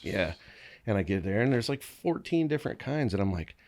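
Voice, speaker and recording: A man, a podcast guest, telling crude anecdotes in a casual, animated way, swearing often and laughing as he goes. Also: on the low side, a little fast. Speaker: podcast guest, band member. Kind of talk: casual storytelling.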